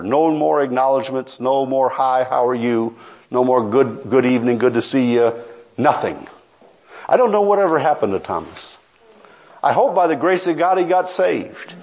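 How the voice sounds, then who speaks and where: A man's voice: medium pitch, lively intonation, moderate pace, a little mellow. A middle-aged man preaching a sermon, telling a story with earnest, pleading intensity.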